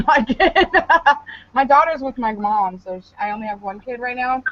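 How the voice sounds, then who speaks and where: Fairly high in pitch and moderately paced, this young podcast co-host spins a loose, profane, laughing story in an animated, comedic way. The audio is dull and lo-fi with no echo.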